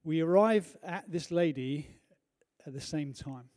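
A man preaching a sermon in a church, telling a personal story earnestly, moving from hushed to loud. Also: on the high side, unhurried.

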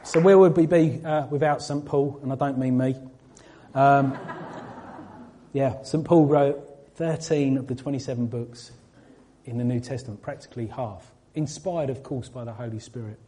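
A man's voice: medium pitch, normal speed, warm tone, slight background noise. A man giving an informal sermon to a congregation, chatty and full of fillers and restarts. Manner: conversational, with fillers and restarts, addressing the room. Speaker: church speaker.

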